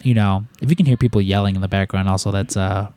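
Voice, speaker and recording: A man's voice: deep voice, steady tone, quick pace, warm tone, no room sound. A young man co-hosting a podcast, telling a long story in casual chat and swearing freely as he rambles. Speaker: podcast co-host.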